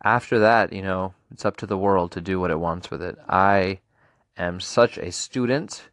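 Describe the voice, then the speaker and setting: This man in his twenties hosts his own podcast in a casual solo monologue, sounding playful, rambling, and earnest. His voice sits low with a fairly bright tone and a moderate pace. The studio-quality recording has no echo.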